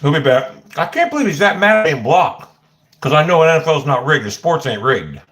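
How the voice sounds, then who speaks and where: A man's voice: a little high, fairly quick, echoey room. A man chatting casually on a livestream from his home kitchen into a phone, rambling and swearing as he snacks. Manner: rambling, profane, easily excited.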